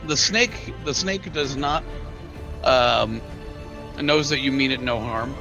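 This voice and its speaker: A man narrating a tabletop role-playing game as game master, slow and halting, with many filler words. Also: medium pitch, gravelly, over music, low-quality recording.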